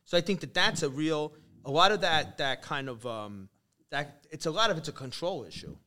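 A man's voice: on the high side, expressive, normal speed, sharp tone. A man hosting a casual conversation, telling stories animatedly and acting out the people he quotes. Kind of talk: casual chat.

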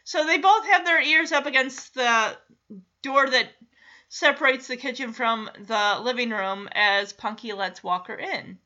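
A woman's voice: on the high side, measured pace, sharp tone. A young woman animatedly recapping a TV episode in a gossipy, teasing way, often laughing. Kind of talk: casual chatty episode recap. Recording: dull lo-fi audio.

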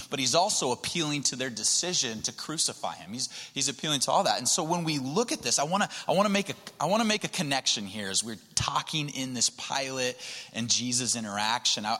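A man delivering a sermon in a bright, forceful voice, speaking conversationally and restarting phrases as he thinks aloud. His voice rings out with a long reverb that trails after each phrase, as in a church hall. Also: mid-range voice. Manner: conversational, repeats words, occasional laughs. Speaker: pastor.

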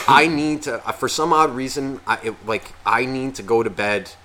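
A man's voice: medium pitch, steady tone, moderate pace, sharp tone. A man co-hosting a podcast in casual chat, rambling with lots of swearing and fillers. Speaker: podcast co-host.

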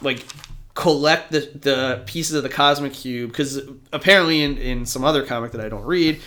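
A man co-hosting a podcast, recapping a comic in casual, animated talk, swearing and acting out the characters in quick voices. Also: medium pitch. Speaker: podcast co-host.

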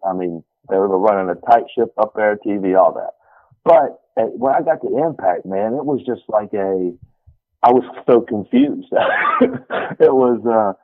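A man's voice: fairly low pitch, expressive, moderate pace, dry recording. Wrestler guy talking big and folksy, cussing some, thin phone sound. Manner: brash, folksy, swears casually. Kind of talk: casual interview. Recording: tinny phone line.

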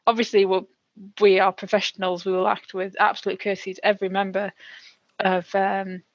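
A woman's voice: mid-range voice, level tone, fairly quick, no echo, lo-fi sound. A woman playing a tabletop game, speaking politely with many stammers and restarts. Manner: polite, hesitant, stammering in character. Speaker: player. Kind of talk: tabletop role-play.

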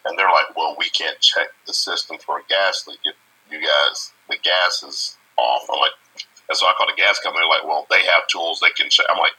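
A man's voice: a bass voice, fairly even intonation, moderate pace, pushed and bright, husky, poor audio. A middle-aged man co-hosting a casual chat show, telling a family story and laughing as he acts out what people said. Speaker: co-host.

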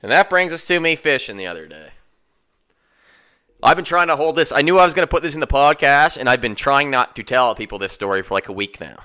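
A man's voice: medium pitch, expressive, brisk, pushed and bright, smooth. A young man, hosting a podcast and telling a story in casual, swaggering, profane chat. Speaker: podcast host.

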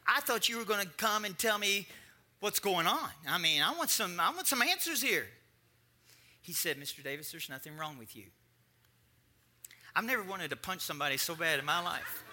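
A middle-aged man preaching from the pulpit, his voice very bright and forceful and pitched a touch high. He tells a personal story in an animated way, acting out the voices of the people in it. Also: breathy edge. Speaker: pastor.

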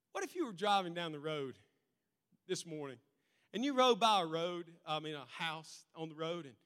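A male pastor preaching a sermon, telling stories in an animated way that swings between loud and quiet. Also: fairly high pitch. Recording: long reverb in a large hall.

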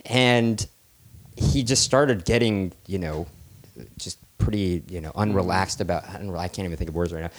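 A man with a fairly low voice tells a story to friends on a casual podcast. He rambles and circles back as he goes, slipping in little chuckles between phrases. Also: moderate pace, noisy background. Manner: rambling anecdote broken by chuckles. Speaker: podcast co-host.

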